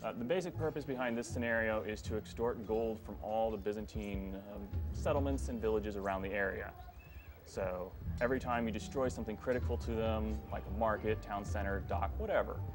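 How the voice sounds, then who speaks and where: A man's voice: fairly low pitch, a little fast. A man commenting casually on a speedrun, explaining the game with frequent fillers. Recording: music playing behind.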